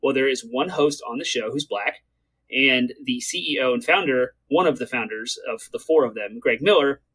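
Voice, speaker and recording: A man's voice: medium pitch, a bit bright, slightly rough, rough recording. Earnest male podcast co-host. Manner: earnest, talks quickly to get through points. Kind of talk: casual podcast chat.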